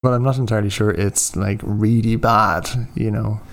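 Gravelly-voiced man chatting about films. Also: fairly low pitch, fairly even intonation. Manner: measured, hedging, mildly contrarian. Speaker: podcast co-host. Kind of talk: casual film discussion.

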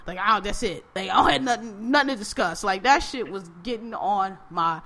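A woman hosting a casual chat, ranting with profanity and quick animated emphasis. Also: medium pitch.

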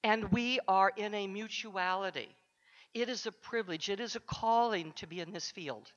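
A woman's voice: medium pitch, moderate pace. Woman, award acceptance speech, heartfelt, talks to the room, dull sound, long reverb. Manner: heartfelt, speaks directly to the audience. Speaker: award recipient, counselor. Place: conference luncheon hall. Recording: dull sound in a large echoing hall.

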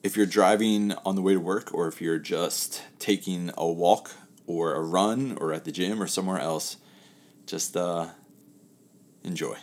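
Hosting an informal conversation, a man shares a parable in a laid-back, talkative style. He speaks in a low voice without hurrying, and his phrases drift off quietly.

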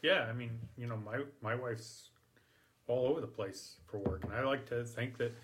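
A man's voice: mid-range voice, moderate pace, noisy background. Casual man chatting loosely. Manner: casual, loose, with filler phrases. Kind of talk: casual podcast discussion.

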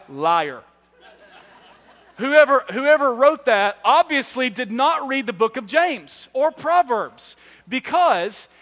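A man in his thirties preaching a sermon in a reverberant hall. His voice sits high and sounds bright and forceful. He tells animated, self-deprecating stories between points. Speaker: guest preacher. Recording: echoey hall.

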